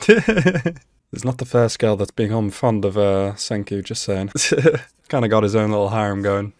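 A man hosting an anime reaction video, talking casually and excitedly at the screen, laughing often. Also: lowish voice, measured pace, dry recording, clean studio sound. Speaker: anime reaction channel host.

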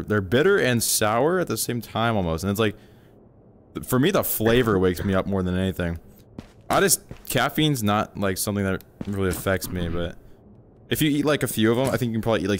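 A man's voice: fairly low pitch, a little hiss or hum. A man streaming a game, chatting casually and rambling to his teammate and viewers on a headset mic. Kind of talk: casual livestream gaming chat.

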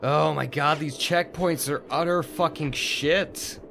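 A man's voice: a little high, steady tone, slow pace, gravelly, bright, forceful tone, a little hiss or hum. A young man giving gameplay commentary, frustrated and swearing as he mutters to himself. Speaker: gaming video host.

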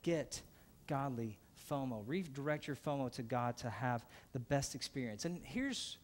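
In a medium-pitched, animated but unhurried voice, a pastor preaches earnestly. His sermon moves back and forth between emphatic passages and hushed, gentle ones.

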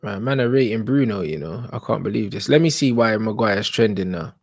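A young man, giving live reaction commentary on football, slangy and shouting in disbelief. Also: lowish voice, expressive, a little fast, vocal fry, dry recording. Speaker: football watch-along streamer.

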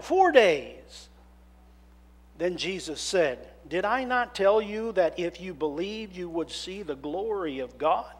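Preacher, man, high voice, swings from hushed reading to loud storytelling. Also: a little slow. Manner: dramatic shifts between hushed scripture reading and loud animated storytelling. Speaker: minister. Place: church sanctuary.

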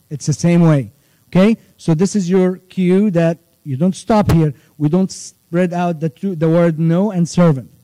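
A man teaching children a church chant, patiently repeating each line and singing it out slowly. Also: high voice, dark tone, no echo, rough recording. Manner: patient, repeats phrases slowly, sings the verse drawn out. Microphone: livestream.

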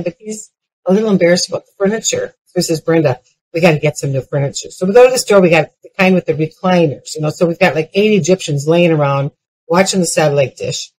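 In a dry, rough recording, an older woman with a fairly low voice gives a keynote of funny personal tales. She's lively, drives each story toward a punchline, and restarts often.

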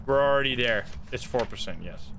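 A man's voice: medium pitch, expressive, brisk, a bit bright, slight background noise. A man streaming gameplay live, talking to his chat, swearing and laughing at his own bad luck. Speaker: streamer playing a ghost-hunting game.

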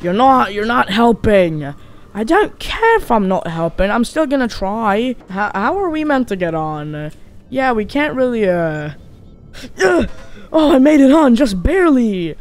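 Lively goofy performer voicing a whole cast. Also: mid-range voice, measured pace. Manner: switches between many goofy character voices. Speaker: voice actor for all characters. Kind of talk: comedic machinima voice acting.

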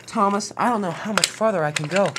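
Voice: mid-range voice, fast, heavy background noise, pitched above the performer's own voice, lightly acted. Narrator doing a timid magical girl engine. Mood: worried. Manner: worried, apologetic. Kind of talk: fan toy-train storytelling.

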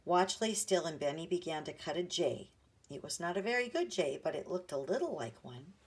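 A woman narrating a children's chapter book in a gentle, read-aloud manner. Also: low-pitched, big pitch swings, brisk, husky. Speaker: audiobook narrator. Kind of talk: storybook narration.

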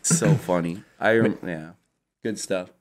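A man's voice: deep voice, unhurried. A young man co-hosting a casual comedy podcast, telling stories with acted-out voices and frequent laughter. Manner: animated storyteller who acts out voices and laughs a lot. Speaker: podcast co-host.

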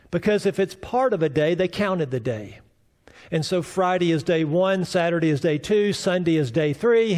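A man's voice: high-pitched, a little mellow. A man preaching a sermon as pastor, building to fervent, rising declarations. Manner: preaching with rising fervor and mock voices of doubters.

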